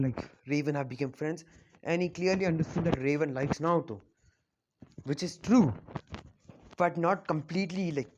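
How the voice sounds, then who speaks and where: A man's voice: fairly high pitch, background noise. Rambling man telling a fan story. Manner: rambling, many "like" fillers and restarts. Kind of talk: casual spoken storytelling. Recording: dull lo-fi recording.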